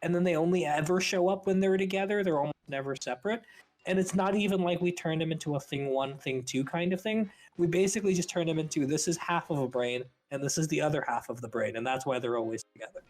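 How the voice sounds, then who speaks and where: A man co-hosting a podcast in casual chat, blunt and opinionated, with quick asides. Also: a little high, a little mellow, faint music behind. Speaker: podcast co-host.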